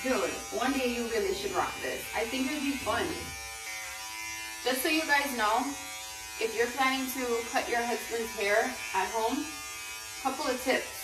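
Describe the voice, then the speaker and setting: A woman's voice: a little high, normal speed. A woman co-hosting a casual home vlog, chatting with lots of "um" and "like" fillers. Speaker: brand co-founder and vlog host. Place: home room during lockdown. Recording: echoey room, mic at a distance, background noise.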